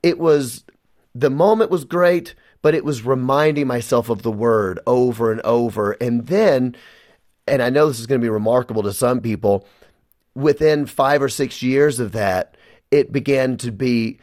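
A man's voice: medium pitch, moderate pace, a little mellow, dry recording. Man guest, earnest testimony, dry close studio mic. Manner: earnest, emotional storytelling. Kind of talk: personal testimony in a radio interview.

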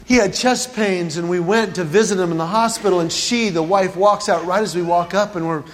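Guy with a pretty high voice doing stand-up, tells stories n chuckles at his own bits, long hall echo. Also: steady tone, a little fast. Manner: storytelling with quoted dialogue, chuckling at own jokes. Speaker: comedian. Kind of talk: stand-up comedy routine. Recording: long hall reverb, faint ambient noise.

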